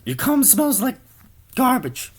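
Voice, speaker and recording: A man voicing a shrill, nagging wife who screeches crude insults at her husband. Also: big pitch swings, slow, slightly rough, full character voice. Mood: shrieking nagging.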